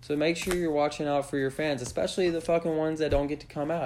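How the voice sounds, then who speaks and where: A man's voice: fairly high pitch, fairly even intonation, quick pace, few pauses, a little mellow, slight background noise. A man hosting a podcast, delivering a blunt, profanity-heavy rant that lectures his listeners. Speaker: podcast host. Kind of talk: opinionated rant.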